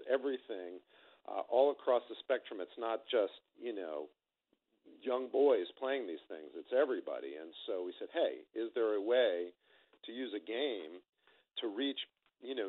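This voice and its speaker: A man being interviewed by phone about his company, explaining in an upbeat way with plenty of fillers. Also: on the low side. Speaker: guest, company executive. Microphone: telephone. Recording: tinny phone line.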